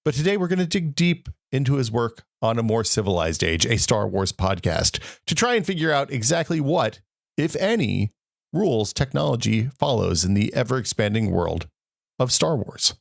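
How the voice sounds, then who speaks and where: A man hosting a casual tech podcast, talking in an animated way and telling anecdotes. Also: medium pitch, normal speed, creaky, dry recording, studio quality. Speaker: podcast host.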